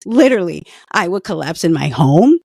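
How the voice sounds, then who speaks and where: A woman's voice: on the low side, very animated, moderate pace, vocal fry, warm tone, husky, no echo, studio quality. A middle-aged woman earnestly telling a personal story in conversation, emotional at times. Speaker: guest, former patient.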